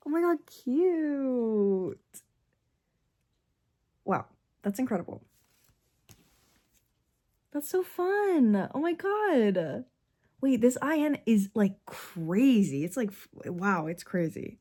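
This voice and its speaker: A young woman with a warm, sing-song voice on the high side takes her time and pauses often while unboxing albums. She runs a book and K-pop vlog, and this casual clip has her gushing and gasping, moving from squeals to whispers.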